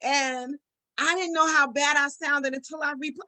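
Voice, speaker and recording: A woman's voice: sits high, fairly even intonation, a little slow, pushed and bright. A woman with a Brooklyn accent, chatting casually as a podcast co-host in a blunt, teasing, slangy way. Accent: Brooklyn, New York. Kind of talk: casual chat.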